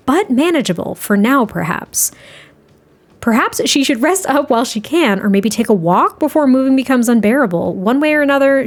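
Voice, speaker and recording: A young woman giving casual gameplay commentary, chatty and giggly, with lots of fillers as she talks. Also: fairly high pitch. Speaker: gameplay creator.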